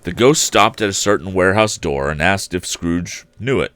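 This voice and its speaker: A man with a deep, low voice narrates a classic novel for his livestream audience. His reading is steady and measured, and the close mic gives a dry, intimate sound. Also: clear, resonant tone, dry recording. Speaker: storyteller host. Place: home streaming setup.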